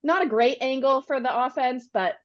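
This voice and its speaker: A young adult woman, a podcast guest, telling animated sports stories in casual chat, with lots of "like". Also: high-pitched, normal speed. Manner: animated, fills with "like". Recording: dull lo-fi sound.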